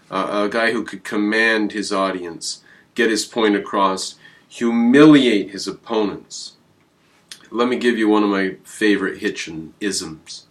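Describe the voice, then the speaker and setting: Low-voiced man, rambling and emphatic. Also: unhurried, a bit bright. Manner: rambling and emphatic, with sudden jumps in pitch. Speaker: channel host. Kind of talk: casual on-camera commentary.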